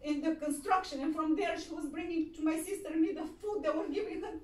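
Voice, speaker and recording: A woman's voice: very high voice, fast. A woman with a Bulgarian accent performs an intense, dramatic solo stage monologue in a theatre. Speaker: stage actress. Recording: echoey stage from far off.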